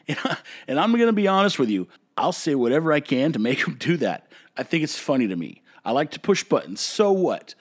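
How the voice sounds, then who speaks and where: Male podcast host, slightly higher voice, blunt and opinionated, heated rants that settle back to calm. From United States. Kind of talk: solo opinion podcast rant.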